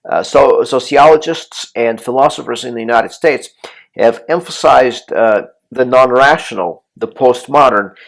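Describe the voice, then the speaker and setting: A man giving a recorded college lecture on politics and the media, speaking in a measured way with frequent "uh" fillers and restarts. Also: mid-range voice, gravelly.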